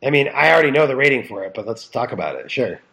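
A man's voice: medium pitch, sing-song, racing, pushed and bright, a little hiss or hum. A man co-hosting a podcast, chatting casually and enthusiastically. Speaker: podcast co-host. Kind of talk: casual chat.

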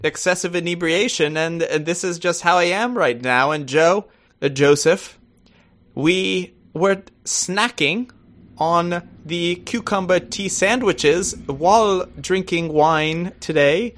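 A man's voice: high-pitched, takes it slowly, fairly bright tone. A man from Britain reading a scripted comic intro in a wry, grumbling way. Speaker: guest intro narrator.

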